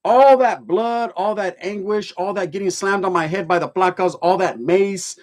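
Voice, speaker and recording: Streetwise man, high voice. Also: moderate pace, a little mellow. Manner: streetwise slang mixed with Spanish words, heavy swearing; blunt, storytelling, joking then serious. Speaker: livestream host. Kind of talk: casual livestream chat, reading comments aloud.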